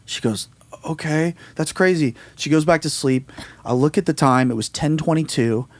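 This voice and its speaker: A man in casual conversation, recounting a story with lively acted-out quotes. His voice sits at an ordinary pitch for a man. The recording is close and dry, with no room sound. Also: moderate pace, dry recording. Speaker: musician interview guest.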